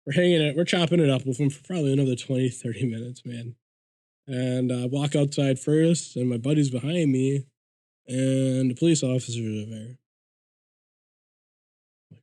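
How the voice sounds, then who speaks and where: A podcast guest spins a story in a relaxed chat, cursing freely and performing the lines other people said. His voice sits at a medium pitch and moves at a moderate pace, recorded with no room sound.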